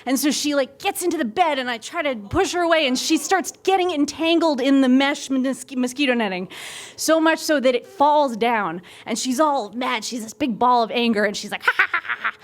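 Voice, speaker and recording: A young woman telling a comic true story on stage to a live audience, candid and lively, and she acts out the quoted voices. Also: sits high, normal speed.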